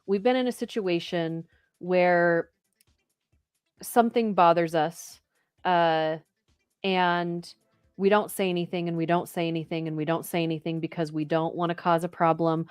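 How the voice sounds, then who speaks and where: A woman hosting an interview, supportive and quick to agree, leading into a film clip. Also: fairly low pitch, fairly even intonation, smooth, dry recording, clean studio sound, soft background music. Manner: supportive, frequent short agreements. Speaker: interview host. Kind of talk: casual interview talk.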